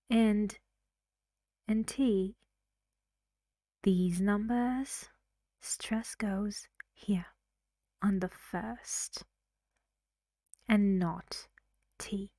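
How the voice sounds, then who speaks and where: Woman, native Persian speaker, English pronunciation teacher, unhurried, warm mellow tone, dry close sound. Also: a little high, no echo. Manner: slow, careful explaining with frequent questions to the learner. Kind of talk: recorded classroom lesson.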